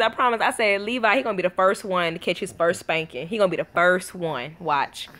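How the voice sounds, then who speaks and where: A woman's voice: fairly low pitch, moderate pace, a bit bright. A young woman, telling family stories casually to her viewers, laughing often and acting out her kids' lines. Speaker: family vlogger.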